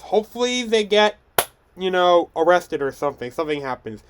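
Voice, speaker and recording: A man's voice: high voice, very animated, brisk, background noise. A young man hosting a podcast, chatting casually through film news with frequent restarts and stumbles. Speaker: podcast host.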